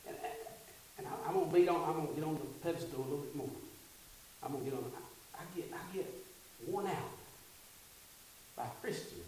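A man's voice: fairly high pitch, fairly quick, pauses often, a little mellow, a little hiss or hum. A male pastor preaching a sermon in call-and-response style, building to fervent peaks. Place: church sanctuary. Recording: echoey sanctuary from a distance.

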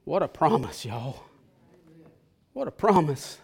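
A male pastor preaching a sermon, swelling to loud bursts and then dropping to a hush. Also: fairly high pitch, very animated, slow pace, gravelly, husky.

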